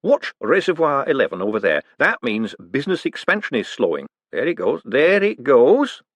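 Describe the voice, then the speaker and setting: A man voicing an eager, fussy little male economist who explains things earnestly and excitably. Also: mid-range voice, a little fast, dry recording.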